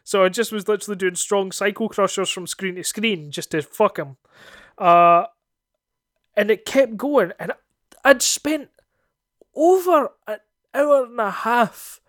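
A young Scottish man on a podcast, telling a lively, sweary story and acting out the voices in it. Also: high-pitched, takes it slowly, pauses often, no room sound, studio quality. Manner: animated, swearing, acts out voices in his stories. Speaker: podcast co-host. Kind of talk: casual storytelling chat.

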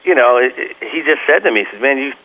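A man's voice: medium pitch, expressive, quick pace, phone-quality sound. A man being interviewed as a guest musician, telling long rambling anecdotes full of "you know" and acting out the voices of people he quotes. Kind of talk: casual interview storytelling.

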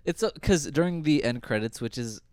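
A man in casual, joking conversation, reviewing a movie and telling stories with lively, playful delivery. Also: a little high, fairly quick, clean tone, dry recording. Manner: animated, jokey storyteller who puts on silly voices. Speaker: podcast co-host reviewing a movie. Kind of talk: casual chat.

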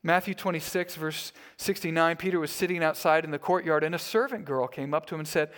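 A man's voice: on the high side, fairly quick, hardly any pauses, a bit bright. A man preaching a sermon as a pastor, telling stories in a conversational way.

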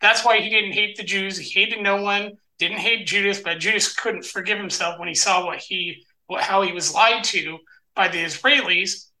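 A man's voice: high voice, moderate pace, bright, forceful tone, recorded from a distance. Guy rambling on in a group chat, chatty and scattered, roomy echo. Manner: rambling, chatty storytelling with restarts. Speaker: participant in a Bible study discussion. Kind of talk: casual group discussion.

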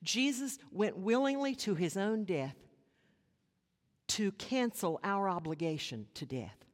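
A woman pastor delivering a sermon, earnest, with rhetorical questions and dramatic pauses. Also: medium pitch. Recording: long hall reverb.

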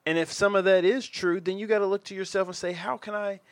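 A man's voice: high-pitched, steady tone, quick pace, smooth, no echo. Earnest, reflective man in a dry room. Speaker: podcast co-host. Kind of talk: casual chat.

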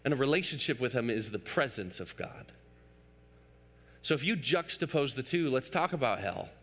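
Pastor preaching in a reverberant hall. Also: male voice, mid-range voice, animated, moderate pace, fairly bright tone. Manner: emphatic, builds through repeated phrases; storytelling asides to the congregation. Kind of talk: sermon.

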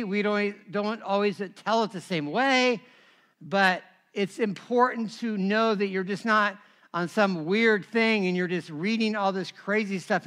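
A middle-aged man preaching a sermon as a pastor, telling stories in an animated way with touches of humor. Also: sits high.

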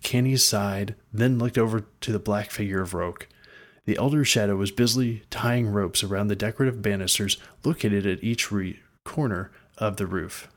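A man's voice: on the low side, normal speed. A man reading a fantasy story aloud in a dry, wry storytelling manner. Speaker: narrator. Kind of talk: scripted fantasy narration.

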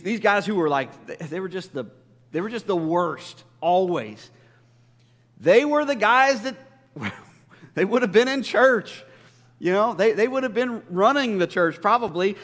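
Guy pastor preaching, kinda high voice, talks like he's chatting, long echo like a big church. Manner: conversational, emphatic preaching with storytelling. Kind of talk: conversational sermon. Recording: long reverb of a large church hall.

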